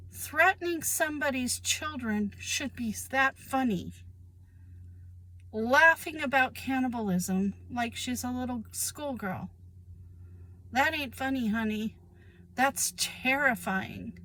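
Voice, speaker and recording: A woman's voice: sits high, slow, pushed and bright, no echo, low-quality recording. A woman, speaking in a casual, emphatic monologue about her own life and repeating phrases for weight. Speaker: vlogger sharing personal experience.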